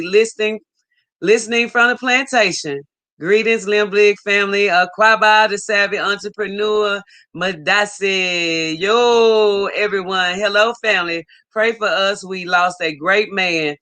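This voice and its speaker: A woman hosting a casual livestream, warmly greeting viewers by name and reading out their chat messages. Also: mid-range voice, fairly even intonation, moderate pace. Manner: warm, effusive greetings, reading out chat names. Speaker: livestream host. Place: home in Ghana.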